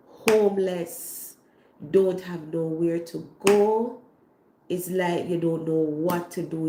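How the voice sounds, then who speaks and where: A Jamaican woman who hosts a cooking channel, hoarse while getting over an illness, talking casually on a livestream and repeating her phrases with heartfelt faith. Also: low-pitched, mellow, reverberant, slight background noise. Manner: repetitive, heartfelt, faith-filled.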